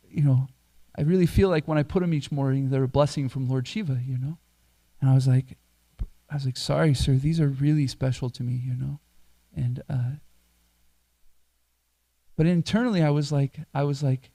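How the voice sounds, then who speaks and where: A man's voice: a little high, normal speed, long pauses. A middle-aged man, a temple priest, telling a personal story in a sermon, acting out the dialogue with lots of restarts and fillers. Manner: animated, acts out quoted dialogue, frequent fillers and restarts. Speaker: temple priest giving a class.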